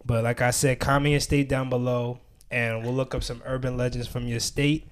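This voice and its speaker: A man's voice: mid-range voice, flat delivery, moderate pace. Young man, podcast co-host, casual slangy banter, laughs a lot.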